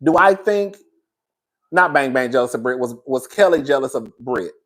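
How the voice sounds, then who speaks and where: Reviewing a reality show in a loose, opinionated way, this male commentator speaks in a mid-range, slightly bright voice at a moderate, animated pace. His style is sassy and blunt, full of swearing, and he addresses viewers as "girl" and "baby."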